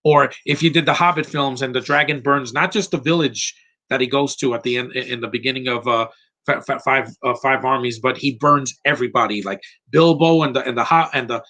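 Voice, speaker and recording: Bright-voiced rambling man. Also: medium pitch, brisk. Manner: rambling, blunt, goes off on tangents. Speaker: movie commentator. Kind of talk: casual live movie commentary.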